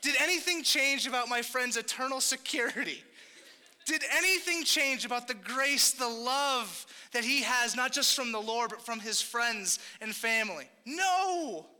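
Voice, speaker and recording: Young male pastor, bright echoing sermon. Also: very high-pitched, lively intonation, measured pace. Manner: casual, conversational preaching with frequent asides. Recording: long hall reverb.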